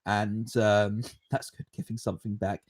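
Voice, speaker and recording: With a lowish, unhurried voice, this man in his 20s runs a podcast. He chuckles a lot as he rambles through a story and responds to viewer questions, keeping things casual and animated.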